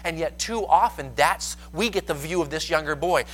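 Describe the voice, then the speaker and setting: Bright-voiced male preacher telling stories. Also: on the high side, big pitch swings, normal speed, few pauses, rough recording. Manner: storytelling, acts out quotes with rising intensity. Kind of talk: sermon.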